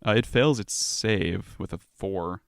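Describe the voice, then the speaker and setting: A man's voice: low voice, slow, creaky, clear, resonant tone, dry recording, studio quality. A man running a tabletop game as game master, narrating the scene in a loose, descriptive way.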